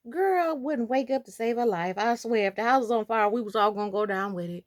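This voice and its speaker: A young woman, casually telling a childhood story in a playful, animated way, talking straight to her viewers. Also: on the high side, normal speed, few pauses, no echo, studio quality.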